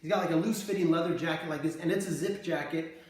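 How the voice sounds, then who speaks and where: A man's voice: on the high side, fast talker, darkish tone. Earnest man in an echoey room. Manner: earnest, conversational, acts out scenes. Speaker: preacher recounting visions. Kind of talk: retelling and interpreting dreams.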